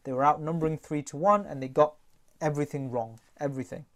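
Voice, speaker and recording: Lively male test-prep teacher. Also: a little high, quick pace. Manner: lively, jokey, addresses class directly. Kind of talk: recorded test-prep lesson.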